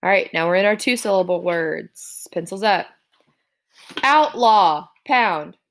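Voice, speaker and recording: A woman's voice: on the low side, moderate pace. A woman teacher giving a classroom spelling dictation, sounding out words syllable by syllable.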